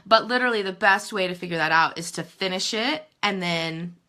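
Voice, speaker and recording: A woman novelist in her thirties, chatting live to viewers with emphatic, animated writing advice and self-mocking asides. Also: fairly low pitch, fairly quick. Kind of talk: live video chat answering viewer comments.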